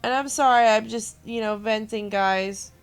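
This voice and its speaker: A woman's voice: a little high, normal speed, smooth, soft background music. A young woman streamer venting to her viewers in a rambling, swearing rant. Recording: noisy background.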